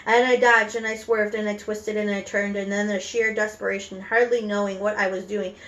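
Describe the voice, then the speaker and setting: A woman reading a children's book aloud with animated storytelling and occasional slips. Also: mid-range voice, fairly quick, lo-fi sound. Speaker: reader.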